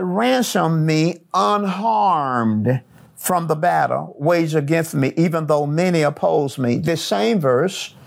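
A middle-aged man preaching a sermon as pastor, repeating phrases with slow, emphatic rhythm. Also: fairly high pitch, gravelly.

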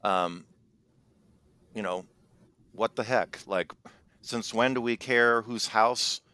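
A man's voice: fairly low pitch, takes it slowly, pushed and bright, smooth. A man co-hosting a comedy chat, rambling with many ums and hesitations. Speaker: co-host.

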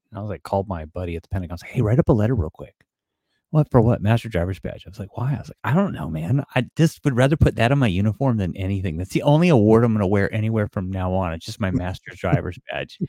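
A man's voice: low-pitched, warm tone, no echo, studio quality. A man hosting a veterans podcast, joking in casual chat. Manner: joking, rapid banter. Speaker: podcast host.

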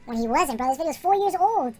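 A woman's voice: sits high, expressive, quick pace. A woman co-hosting a podcast in heated casual chat, who keeps asking "you get me". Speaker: podcast co-host.

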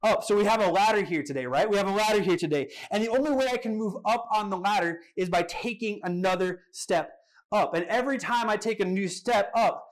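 A young man preaching a sermon, animated and emphatic, with dramatic pauses and bursts of humor. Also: high-pitched. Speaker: pastor.

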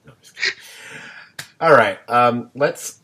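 A man's voice: mid-range voice, unhurried. A man hosting a podcast in casual chat, joking and steering the talk to grades. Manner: lively, joking, leads the talk. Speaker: podcast host.

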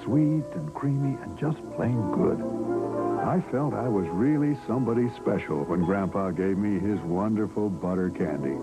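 An older man voicing a gentle grandfather in a nostalgic candy commercial, soft-spoken and reminiscing. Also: on the low side, low-quality recording. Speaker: commercial narrator. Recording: old TV ad with loud music. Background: loud music.

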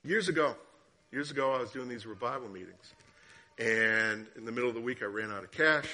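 A man preaching a sermon as guest speaker, telling a story and asking the listeners questions, sometimes dropping to a hushed tone and sometimes rising. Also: mid-range voice, a little fast. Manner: drops to hushed tones for story, rises for questions.

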